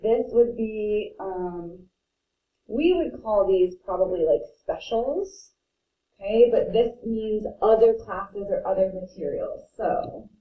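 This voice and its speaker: Woman, French teacher, slow careful repetition, roomy dull sound from afar. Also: mid-range voice, distant mic. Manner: repeats words slowly and carefully, thinking aloud while writing. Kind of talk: slow classroom pronunciation lesson.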